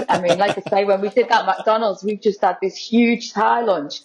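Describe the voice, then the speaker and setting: A woman's voice: medium pitch, fairly even intonation, normal speed, hardly any pauses, darkish tone, slight background noise, rough recording. A woman guest talking casually in an interview, chatty and laughing often. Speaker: guest, lookalike model.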